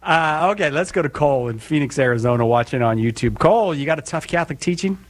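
A man's voice: a little high, animated, quick pace. Guy hosting a call-in radio show, jokey and rambly, lots of uhs. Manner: playful, joking, rambling with fillers. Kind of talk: casual radio chat.

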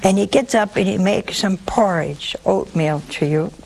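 A woman's voice: medium pitch, moderate pace, creaky, a little mellow, rough recording. Lady with a bad throat telling a saint story to a crowd, homely jokey asides, faint hum behind her. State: sore throat. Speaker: religious storyteller. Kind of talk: storytelling talk to an audience.

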